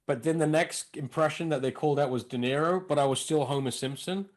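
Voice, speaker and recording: A comedian and impressionist talking as a podcast guest, telling stories in an animated way and slipping in and out of voices. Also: male voice, a little high, fairly quick. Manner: animated storyteller, slips into impressions. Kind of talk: casual interview chat.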